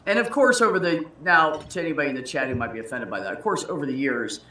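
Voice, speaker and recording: Bright, profane woman telling a heated story. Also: low voice, animated, fast, distant mic, slight background noise. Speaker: livestream host. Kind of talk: casual chat. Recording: roomy echo.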